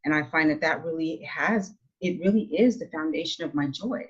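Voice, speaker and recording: Low husky woman host, enthusiastic, kinda dull lo-fi sound. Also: fairly quick. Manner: enthusiastic, reflective. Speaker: interview host. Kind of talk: casual interview chat.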